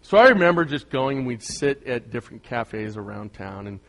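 A man's voice: medium pitch, big pitch swings, normal speed, a bit bright. A middle-aged man preaching a conversational sermon, joking with the congregation and rising to emphatic bursts. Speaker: pastor.

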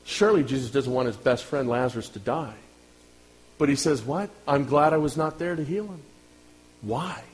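A man preaching a sermon as pastor, talking directly to his congregation and swinging from loud outbursts to hushed lines. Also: medium pitch, moderate pace, low-quality recording.

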